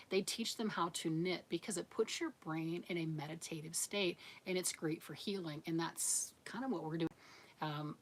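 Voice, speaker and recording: A middle-aged woman hosts a crafting livestream, chatting casually as she reads and answers viewer comments. Her voice sits a little low for a woman. She sounds encouraging and laughs often. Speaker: livestream host of a crochet channel.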